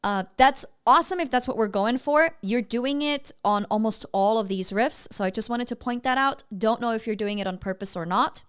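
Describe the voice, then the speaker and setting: A woman's voice: on the high side, moderate pace, hardly any pauses, smooth. A woman vocal coach giving feedback on singing clips in a chatty way, breaking off to sing short demo phrases.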